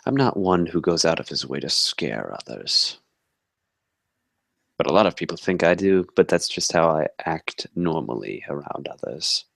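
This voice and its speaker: A man playing a polite, homeless male vampire in a tabletop role-play, speaking in a formal, courteous, unhurried way. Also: rumbling low, big pitch swings, creaky, fairly bright tone, no echo, clean studio sound, full character voice. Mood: wry.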